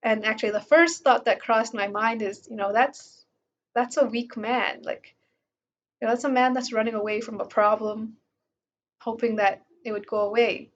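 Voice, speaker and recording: A woman's voice: on the high side, fairly even intonation, normal speed, dull audio, a little hiss or hum. A woman reading passages from a self-help book aloud and commenting on them in a casual way, with many fillers. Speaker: book reviewer.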